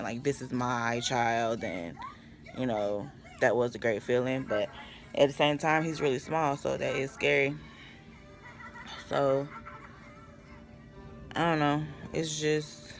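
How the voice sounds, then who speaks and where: A young woman, worn out from lack of sleep, rambling through a casual vlog update with sighs. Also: extremely low pitch. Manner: tired, rambling, with sighs and yawns. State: exhausted from no sleep. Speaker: vlogger.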